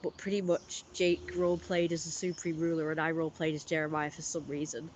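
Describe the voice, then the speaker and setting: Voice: medium pitch, level tone, fairly quick, slight background noise. A streamer, rambling through a casual live-stream story with lots of fillers.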